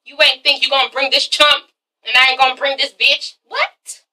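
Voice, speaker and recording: A woman's voice: high voice, level tone, moderate pace, sharp tone, far from the mic, poor audio. A woman voicing a cocky young man who taunts his ex, in casual slang.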